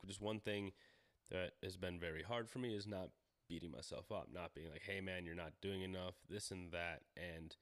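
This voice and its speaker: A man's voice: low voice, fairly bright tone, no room sound. A man in his thirties co-hosting a podcast, talking casually in a rambling, profane way full of fillers and restarts. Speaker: podcast co-host.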